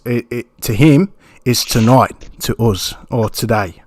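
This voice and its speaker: A man's voice: mid-range voice, a little slow, dry recording, clean studio sound. A man hosting a gaming podcast, playful and hyping his guests, eating while talking. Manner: playful, hypes guests up, says "bro" a lot. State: eating during the show. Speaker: podcast host. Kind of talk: casual chat.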